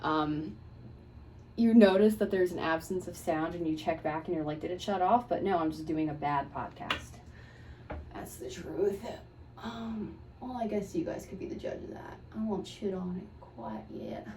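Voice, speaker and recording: A woman's voice: lowish voice, unhurried, warm tone, far from the mic. Chatty woman podcasting from afar. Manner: chatty, offhand, wry asides. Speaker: podcast host. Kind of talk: casual rambling makeup tutorial. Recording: echoey room, voice away from mic, faint hiss.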